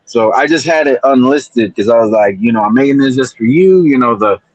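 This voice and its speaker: A man's voice: mid-range voice, animated, fairly quick, a little mellow, no echo, dull audio. A man chatting casually as a guest on a livestream panel, in a laid-back, rambling way. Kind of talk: casual chat.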